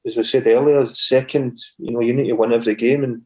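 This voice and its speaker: A man's voice: medium pitch, fairly even intonation, fast talker, darkish tone. Scottish man, forties, chatty guest, loose anecdotal delivery. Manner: rambling anecdotes with many restarts and acted quotes. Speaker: guest, former footballer. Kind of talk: casual storytelling.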